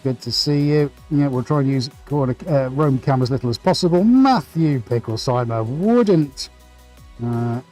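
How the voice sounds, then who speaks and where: A man's voice: medium pitch, animated, moderate pace, dark tone, faint music behind, rough recording. A man hosting a live painting stream, chatting energetically and greeting viewers by name. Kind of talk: casual live-stream chat while painting.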